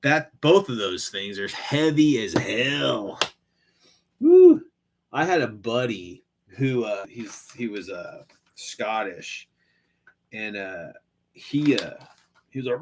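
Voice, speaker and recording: A man's voice: fairly low pitch, sing-song, slow, darkish tone, a little hiss or hum. Rambling, profane male streamer. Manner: rambling, profane, many fillers and restarts. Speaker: live stream host. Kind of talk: casual live-stream chat.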